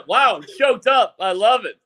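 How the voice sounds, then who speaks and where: A man who is a longtime sports radio voice, chatting as a guest in an animated, joking way and acting out his own reactions. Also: extremely high pitch, breathy edge. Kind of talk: casual sports chat.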